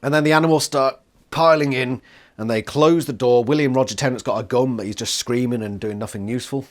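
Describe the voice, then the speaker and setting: A man's voice: mid-range voice, brisk. Sarcastic man reviewing a book. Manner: swearing, sarcastic, animated. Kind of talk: casual video review.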